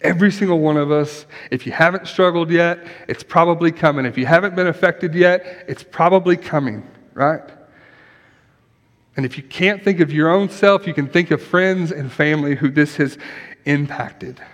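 A man preaching an earnest sermon as pastor, then leading a quiet prayer. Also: fairly high pitch, normal speed. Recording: long hall reverb.

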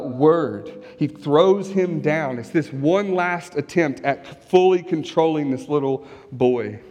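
A man preaching a sermon in a relaxed, conversational way, asking his congregation rhetorical questions as he goes. His voice sits fairly high for a man. The sound has a long reverb tail, like a large hall. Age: young adult or middle-aged, has kids. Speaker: pastor.

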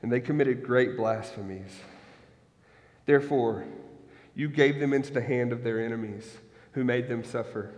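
A man in his thirties preaching a sermon, reading scripture aloud and breaking off into lively, joking asides to the congregation. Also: mid-range voice, normal speed. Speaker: pastor. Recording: long hall reverb.

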